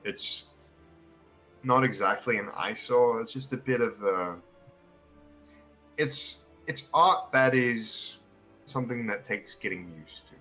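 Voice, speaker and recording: This man's mid-range voice is slow, with long pauses, and sounds pushed and bright over soft background music. He's the game master of a tabletop game, narrating loosely with many fillers, restarts, and voiced townsfolk.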